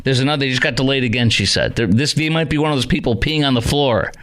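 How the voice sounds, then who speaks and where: A man hosting call-in talk radio in a smooth, resonant voice. He talks in a chatty, animated way, wandering off into asides before getting back to the phone lines. His pitch sits in a middle range. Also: fast talker. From North Texas. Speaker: radio talk show host.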